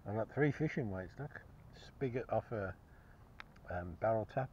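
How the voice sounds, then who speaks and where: A cheerful man with a fairly low voice gives chatty, chuckling commentary while metal-detecting outdoors in a field. The recording is dull and lo-fi, with a faint hiss of open air behind him. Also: expressive, moderate pace, a little mellow. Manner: cheerful, chuckling, enthusiastic about finds.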